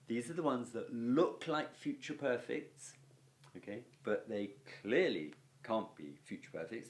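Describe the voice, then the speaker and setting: A man with an English accent who teaches Latin, patiently explaining textbook exercises and checking in with "okay" as he goes. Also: medium pitch. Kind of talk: walking through textbook exercises.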